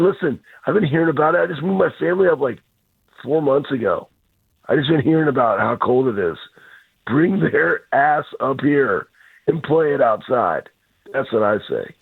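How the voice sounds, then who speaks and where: Man on a phone line, husky and blunt, a loud ranting sports guest. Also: mid-range voice, expressive, fairly quick. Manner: blunt, ranting, trash-talking. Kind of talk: fired-up sports talk.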